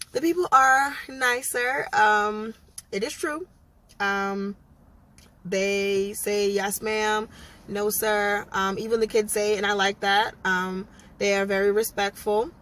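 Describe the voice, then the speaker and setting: A woman's voice: mid-range voice, a bit bright. A young adult woman from Massachusetts, talking frankly in a casual vlog, full of ums and likes. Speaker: vlogger.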